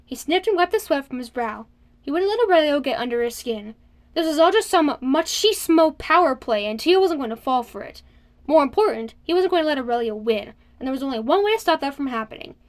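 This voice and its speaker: A woman's voice: high voice, animated, brisk. A woman narrating a young-adult novel as an audiobook, reading steadily and expressively.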